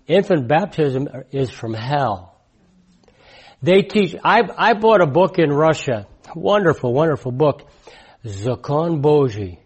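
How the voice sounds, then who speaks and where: Older guy in his 60s preaching, chatty and emphatic, says stuff twice, goes quiet then loud. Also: mid-range voice, slightly rough. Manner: emphatic, repeats phrases, swings from loud to hushed. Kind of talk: conversational sermon testimony.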